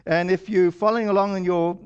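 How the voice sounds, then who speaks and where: A man with a high voice preaches a relaxed, chatty sermon and slips into the voices of the people he quotes. The recording sounds dull and lo-fi. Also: quick pace, smooth. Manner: casual storyteller, acts out quoted lines. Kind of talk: conversational sermon.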